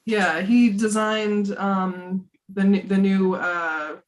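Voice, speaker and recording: A woman hosting a podcast in casual chat, searching for words with many halting restarts. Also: medium pitch, steady tone. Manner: halting, full of fillers and restarts. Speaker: podcast host.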